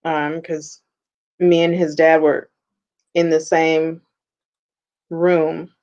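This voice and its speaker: A woman's voice: low-pitched, little pitch movement, extremely slow, a little mellow. A woman hosting a podcast in a casual chat, speaking candidly and bluntly about raising her kids as a mother. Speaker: podcast host. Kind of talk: casual conversation. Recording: dull, muffled lo-fi audio.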